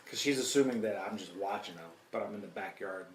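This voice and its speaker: A man's voice: lowish voice, fast, a little hiss or hum. A man in his thirties, a podcast host, telling a profane story in casual chat. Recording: echoey room, mic at a distance.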